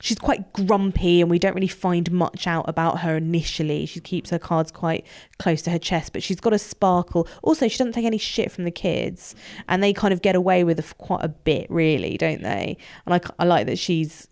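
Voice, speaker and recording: A woman's voice: lowish voice, a little fast, darkish tone. A woman appearing as a guest on a podcast, chatting casually and laughing easily. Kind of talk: casual chat.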